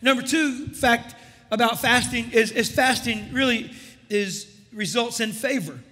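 Man, pastor, very high voice, bright and forceful, sermon, echoing church hall. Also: measured pace. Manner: impassioned preaching with repeated words and restarts, calls to the congregation. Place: church sanctuary. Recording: long church hall reverb.

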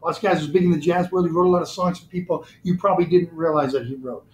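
A man from the Malden, Massachusetts area, chatting casually as a podcast guest in a rambling, animated way. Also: on the high side, fast talker, slight background noise. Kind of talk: casual chat. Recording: roomy echo.

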